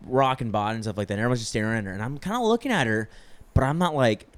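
A man's voice: medium pitch, lively intonation, very fast, dry recording. A young man telling a long story in casual chat, rambling with lots of filler words and swearing freely. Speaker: podcast storyteller.

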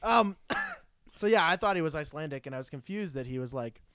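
A man's voice: a little high, animated, a little fast, a bit bright, clear, resonant tone, dry recording, studio quality. A man co-hosting a casual movie podcast, crude and joking, swearing often. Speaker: podcast co-host.

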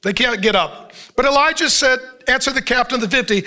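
A man's voice: extremely high pitch, fast talker, bright, forceful tone. A male pastor preaching a sermon, telling the story with jokes and frequent laughter.

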